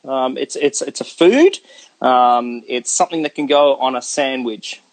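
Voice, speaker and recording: A man's voice: medium pitch, unhurried. A man hosting a casual live video chat show, jokey and playful as he rambles a little while talking to his guest over a video call. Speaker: host.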